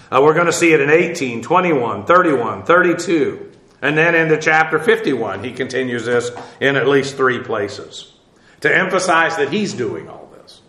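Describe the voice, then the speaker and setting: A man teaching the Bible verse by verse, halting with many "uh"s as he spells out Hebrew words, then pressing his points emphatically. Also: fairly high pitch, bright, forceful tone, echoey room. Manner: emphatic, preacherly warnings.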